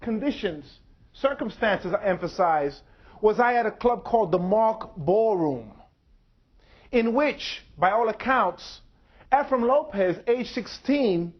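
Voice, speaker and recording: This public lecture comes from a man in his forties whose voice sits on the higher side and carries plenty of expression. He talks in brief, deliberate phrases broken by dramatic pauses, captured on a dull, low-fidelity recording.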